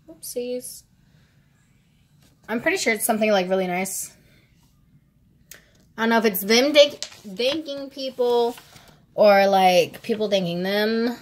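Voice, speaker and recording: A young woman vlogging as she unboxes an album, chatting casually and excitably, gasping, giggling and now and then dropping to a hushed whisper. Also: mid-range voice, measured pace, long pauses. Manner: excitable, gushing, with gasps, giggles and squeals; drops to hushed whispers at times.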